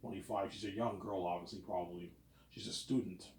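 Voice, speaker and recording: A man's voice: sits low, fairly even intonation, brisk, a little mellow. A man, around thirty, rambling in a casual, self-assured monologue and tacking "obviously" and "man" onto his sentences. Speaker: vlogger. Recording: roomy echo.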